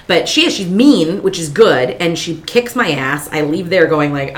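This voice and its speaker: A woman's voice: on the low side, animated, normal speed. A woman podcast co-host in her thirties, chatting frankly and swearing freely. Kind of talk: casual chat.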